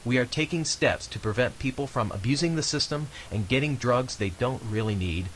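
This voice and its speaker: A man voicing a measured health advisor. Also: medium pitch, animated, a bit bright, slight background noise, natural voice, poor audio. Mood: instructive. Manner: measured, instructive. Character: male adult health official giving calm advice. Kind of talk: scripted game voice-over.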